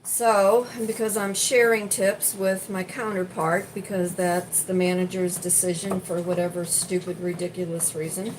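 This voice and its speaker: A woman's voice: lowish voice, little pitch movement, moderate pace, few pauses, background noise. A woman vlogging casually while she cooks in her home kitchen, telling stories and venting about her day. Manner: chatty, venting storyteller. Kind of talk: casual chat while cooking.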